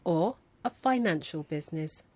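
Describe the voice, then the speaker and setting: A woman from London hosting a scripted educational programme, speaking in a clear, measured way. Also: sits low, expressive, a little mellow. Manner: clear, measured, quizzing her co-host. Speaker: host.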